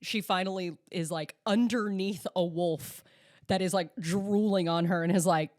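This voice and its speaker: A woman co-hosting a podcast, chatting casually and excitedly, often laughing, swearing and acting out characters. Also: on the low side, moderate pace. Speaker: podcast co-host. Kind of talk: casual recap chat.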